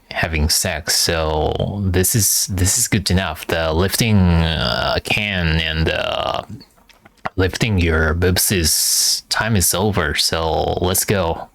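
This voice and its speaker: A man reading aloud for practice, halting and hesitant, repeating words as he sounds them out. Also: low voice, vocal fry, a bit bright, dry recording. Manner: frequent filler hesitations. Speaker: language learner reading aloud. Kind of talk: reading practice with pronunciation drills.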